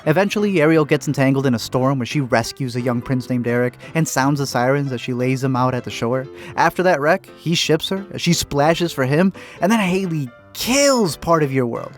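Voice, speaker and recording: A man narrating a comedic movie recap, full of quick jokey punchlines. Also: medium pitch, expressive, soft background music. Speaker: host.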